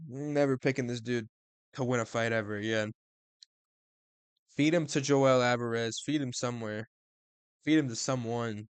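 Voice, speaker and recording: An excitable young man talks through fight results in loose, profane slang. He jumps between loud outbursts and quiet mutters. The sound is dry and close. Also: mid-range voice, moderate pace, dry recording. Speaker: MMA commentator. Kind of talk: casual fight recap.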